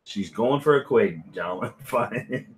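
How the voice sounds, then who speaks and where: A man's voice: medium pitch, expressive, measured pace. A man hosting a casual whisky chat at home, rambling and joking with frequent laughs. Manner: rambling, jokey, loud laughs. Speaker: whisky channel host.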